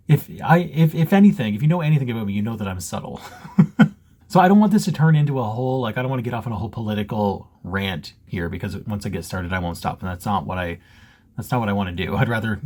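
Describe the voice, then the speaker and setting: A man's voice: mid-range voice, darkish tone, slightly rough. A man chatting casually to camera from his basement, joking, self-mocking and laughing often. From Canada. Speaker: cross-stitch vlogger. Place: home basement.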